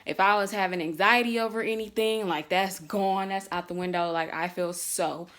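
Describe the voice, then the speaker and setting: A woman in her twenties chatting casually to her viewers in a vlog, relaxed and candid, with lots of "like" and "um" fillers. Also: mid-range voice, normal speed. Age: 20s. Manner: warm and candid, talking straight to viewers. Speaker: vlogger.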